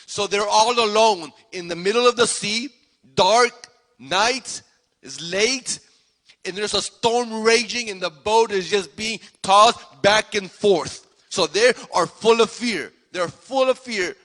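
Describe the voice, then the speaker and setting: A man preaching a sermon as pastor, animated and repetitive, acting out the speakers in the story. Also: high voice, slow. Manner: animated preaching, repeats phrases, acts out voices. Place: church sanctuary. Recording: long hall reverb.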